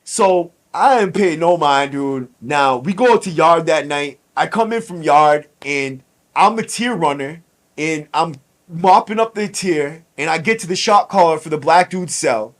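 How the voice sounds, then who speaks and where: A streetwise man telling a prison story on his podcast, casual and full of swearing. His voice sits a little higher than most men's. He slips into the voices of the people he quotes as he goes. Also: lively intonation, moderate pace.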